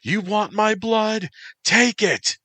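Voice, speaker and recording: A man's voice: fairly low pitch, a little slow, fairly bright tone, no room sound, voice pushed up. A man voicing an emotional young woman who pleads, cries and lashes out. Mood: furious. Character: volatile, heartbroken young woman actress.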